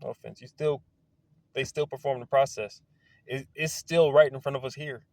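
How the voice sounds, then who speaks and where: A man in a casual, rambling monologue outdoors, excitable and wandering, swearing now and then. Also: mid-range voice, moderate pace, creaky, no echo. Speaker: video creator. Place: outdoors among trees.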